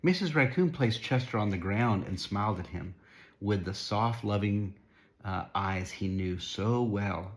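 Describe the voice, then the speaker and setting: A man's voice: fairly low pitch, measured pace. Man, storybook reader, casual, chatty asides, explains pictures. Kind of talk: reading a picture book aloud to a child.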